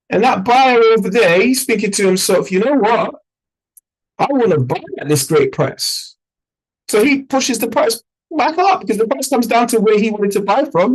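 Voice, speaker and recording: A man teaching in an informal, animated way, using everyday analogies and repeated sound effects to make his points. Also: high-pitched, husky, rough recording. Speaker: trading educator.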